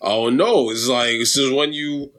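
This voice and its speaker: A man's voice: medium pitch, fairly even intonation, moderate pace, a bit bright. A man co-hosting a podcast in casual chat, riffing in a teasing, slangy, mock-indignant way. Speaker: podcast co-host.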